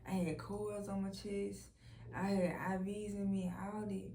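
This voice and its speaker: A young woman recounts her own testimony in a loose, unpolished way, swearing openly and leaning on "like" as she goes. Her voice sits at an ordinary pitch. The room around her carries a noticeable echo. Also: level tone, a little slow, warm tone, slight background noise. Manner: candid, profane, lots of "like" fillers. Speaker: vlogger sharing a personal testimony. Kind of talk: casual storytelling testimony. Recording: roomy echo.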